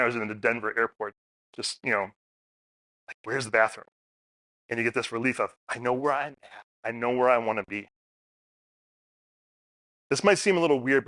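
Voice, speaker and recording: A man's voice: medium pitch, sharp tone, no room sound, clean studio sound. A middle-aged man speaking at a community forum, telling stories in a casual way and asking the audience questions. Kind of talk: public talk. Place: meeting room.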